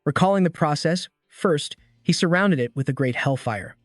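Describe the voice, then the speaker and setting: Man narrating a story recap, fairly high. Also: expressive, normal speed, dry recording, studio quality, faint music behind.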